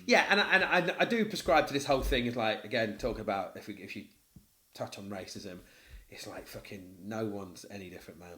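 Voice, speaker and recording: This middle-aged podcast co-host speaks fairly quickly in a voice on the low side, caught on a podcast microphone. He's an animated storyteller in a casual chat who swears freely.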